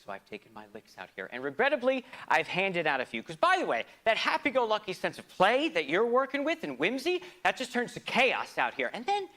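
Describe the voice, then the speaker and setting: A man performing a theatrical comic monologue, swinging between loud outbursts and hushed asides in a mock-grand, philosophical manner. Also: high voice. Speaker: stage performer.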